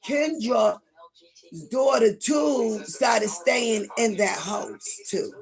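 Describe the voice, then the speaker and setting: A middle-aged woman gossiping on a livestream in a rambling way, now and then breaking into loud outbursts. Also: fairly high pitch, very slow, soft background music.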